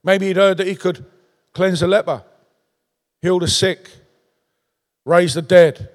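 A man's voice: high-pitched, steady tone, takes it slowly, long reverb tail. A man preaching a sermon in a conversational way, tossing out rhetorical questions in a large church.

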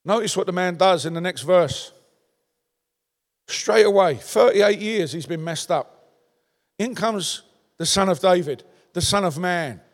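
A man from London with a strong Cockney accent, preaching a sermon in animated storytelling style and calling out to the crowd. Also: high voice, a little slow, long pauses. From London, England. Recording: long hall reverb.

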